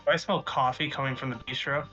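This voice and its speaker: A man's voice: medium pitch, fairly even intonation, fast talker, bright, forceful tone, highs cut off, faint music behind. A man playing a tabletop game, speaking in character in short, offhand lines. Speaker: player. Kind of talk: casual tabletop play.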